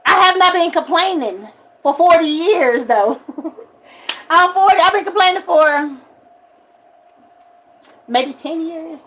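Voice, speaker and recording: A forty-year-old woman, telling a story on a casual livestream and swinging from loud outbursts to quiet asides. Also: extremely high pitch, expressive, takes it slowly, long pauses, low-quality recording. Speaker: livestream host.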